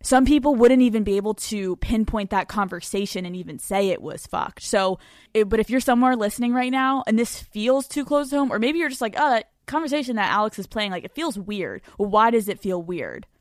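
A woman's voice: medium pitch, brisk, dry recording, clean studio sound. A young woman hosting a podcast, talking bluntly and emphatically with lots of swearing, in a casual chat and rant. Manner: blunt, heavily profane, emphatic rants. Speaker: podcast host.

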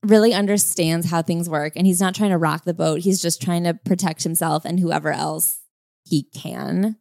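A woman's voice: on the low side, steady tone, moderate pace, vocal fry, a little mellow, no room sound. Chatty woman co-host, dry close mic. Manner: chatty, lots of "like", acts out quoted voices. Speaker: podcast co-host. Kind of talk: casual book-discussion chat.

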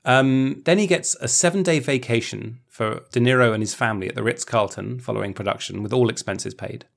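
A man's voice: mid-range voice, a little fast, gravelly. A man co-hosting a podcast in casual chat, talking with many ums and restarts. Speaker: podcast co-host.

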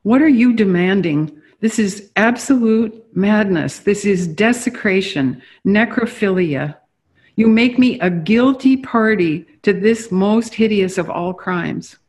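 A man confronted with horror protests and refuses in disgust, as a reader puts him on. The lines come slowly and deliberately, at a middle pitch. It sounds like a book being read aloud. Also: lively intonation, a little mellow. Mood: appalled. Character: man in a horrific vision, reluctant and appalled. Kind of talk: reading dialogue aloud from a book.

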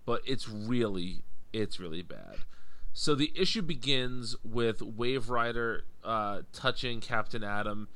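A man co-hosting a casual comic book podcast, his voice sitting at an ordinary middle pitch. He recaps the story wryly, slipping into brief put-on voices for the characters and leaning on dry humor. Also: pushed and bright. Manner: wry, recaps plots by acting out characters' lines. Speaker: podcast co-host.

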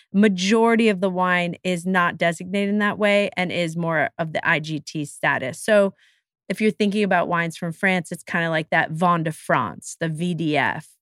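A woman's voice: lowish voice, fairly bright tone, smooth, no room sound, clean studio sound. A woman hosting a podcast, talking casually and with enthusiasm, with self-deprecating asides. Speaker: podcast host. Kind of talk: casual solo podcast talk.

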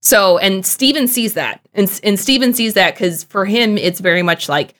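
A young woman co-hosting a casual podcast about a TV show, chatty and full of "like" fillers, with animated bursts. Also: mid-range voice, normal speed. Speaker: podcast co-host.

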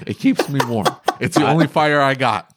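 A man's voice: mid-range voice, moderate pace, heavy background noise. A man hosting a podcast, talking about running his repair shop in a casual, emphatic way, repeating his points and laughing often. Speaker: podcast host and auto repair shop owner.

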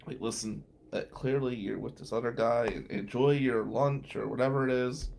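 A man's voice: mid-range voice, fairly even intonation, normal speed, creaky, darkish tone. A middle-aged man hosting a radio show, telling a story casually, chatty and full of fillers.

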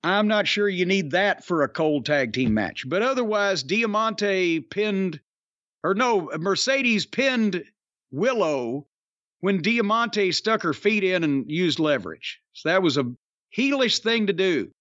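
Blunt, high-voiced man ranting. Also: animated, slow, a bit bright, no room sound, muffled recording. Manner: blunt and profane, emphatic rising stresses. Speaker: podcast host reviewing wrestling. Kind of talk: casual podcast chat.

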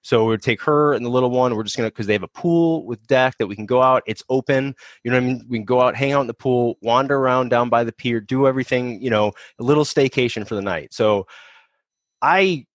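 Male podcast co-host, casual storyteller, blunt and profane, restarts a lot, mid-pitched, dry close sound. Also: quick pace, no room sound. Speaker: podcast co-host, Marine veteran.

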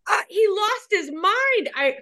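A woman hosting a podcast, telling a story in casual chat with lively, animated delivery and frequent laughter. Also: very high-pitched, slow pace. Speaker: podcast host.

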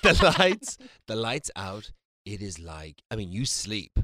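A man's voice: fairly low pitch, unhurried, fairly bright tone, no room sound. A man co-hosting a casual chat show, joking, swearing and defending himself. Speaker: podcast co-host.

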